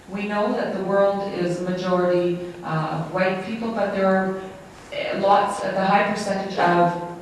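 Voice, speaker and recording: An interpreter voicing a lecture live, in a halting, self-correcting way. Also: mid-range voice. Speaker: sign language interpreter. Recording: very echoey room, distant mic, faint noise.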